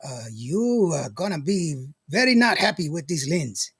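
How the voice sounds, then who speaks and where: A man putting on a halting mock-Japanese accent. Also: a little high, sing-song, a bit bright, breathy edge, no room sound, clean studio sound, full character voice. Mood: mock-polite. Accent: put-on Japanese. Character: man friend mimicked in broken English.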